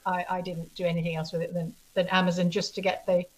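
A woman guest and author telling stories in a casual interview, animated and full of restarts. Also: lowish voice, fast, a crowd in the background, poor audio. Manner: animated storyteller, many restarts. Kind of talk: casual video interview chat.

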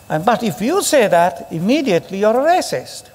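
A male pastor from Sri Lanka preaching a sermon in a church, emphatic and forceful with sudden rises in his voice. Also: high-pitched, sing-song, unhurried, hardly any pauses, some chatter behind. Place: church hall. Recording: long reverb of a church hall.

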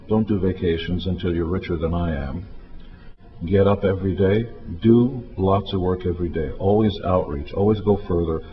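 Low-voiced man giving terse orders. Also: moderate pace. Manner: commanding, terse imperatives. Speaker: interviewee. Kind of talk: blunt advice. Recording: dull recording with faint music.

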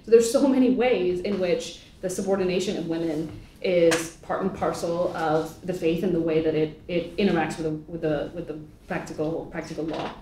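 In a lecture hall, a woman on a panel speaks with many restarts and a note of indignation before moving on to moderate questions. Her voice is lowish and warm, with fairly even intonation, normal speed, and few pauses. The hall is echoey, the mic distant, with faint noise.

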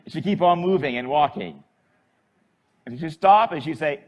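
A man, a Catholic priest, delivering a homily as an animated storyteller who chuckles as he goes. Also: a little high, a little slow, long pauses.

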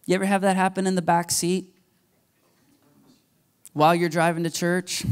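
Guy pastor preaching in church, jokey and animated, does little voices for the people he quotes. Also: high-pitched, measured pace, pauses often, smooth. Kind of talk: sermon. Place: church sanctuary.

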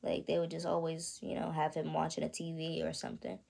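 Young woman of 18, low raspy voice with gravelly fry, soft halting confessional storytelling. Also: completely flat delivery. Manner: soft, halting, with frequent "you know what I mean". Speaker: vlogger.

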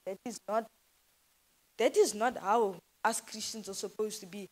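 A woman's voice: medium pitch, fairly even intonation, measured pace, poor audio. A woman gives an informal, earnest sermon as a youth speaker in church, talking conversationally and hesitantly.

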